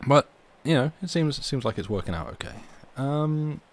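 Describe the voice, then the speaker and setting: A man's voice: medium pitch, animated, moderate pace. A man chatting casually with his live-stream audience, rambling and restarting his sentences between readings. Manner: rambling, self-interrupting, chuckling asides. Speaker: streamer reading stories aloud.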